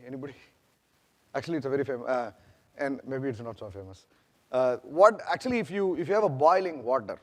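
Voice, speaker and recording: Indian-accented man presenting in an echoey hall. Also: mid-range voice. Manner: conversational, frequent restarts and "right?" checks to the audience. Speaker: product manager presenting at a conference. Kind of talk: conference presentation. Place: large conference hall. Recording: long echo of a conference hall.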